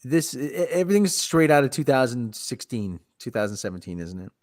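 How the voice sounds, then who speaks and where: A man's voice: medium pitch, very animated, a little fast, a little mellow. A man hosting a casual chat show, sarcastic and exasperated, sighing often. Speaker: podcast host. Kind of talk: casual chat about movie news.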